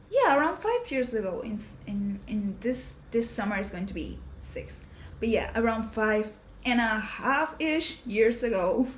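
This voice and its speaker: A woman's voice: fairly high pitch, a bit bright. A woman in her twenties hosting a podcast, talking in a chatty, emotional way with lots of fillers and restarts. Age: 20s. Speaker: podcast host. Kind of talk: casual personal chat. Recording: roomy echo with faint background hum.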